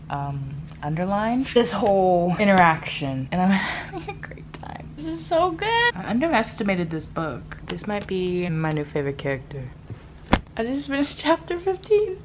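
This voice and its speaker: Young woman, book vlogger, low-ish voice, casual and excitable, swears freely; noisy home recording. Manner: chatty, frequent swearing, excitable, drifts to soft whispers. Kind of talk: casual reading reactions to camera.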